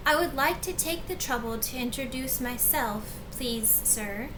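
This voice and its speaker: A woman's voice: high-pitched, unhurried, noisy background. A woman voicing a nervous, polite man who stammers while trying to please.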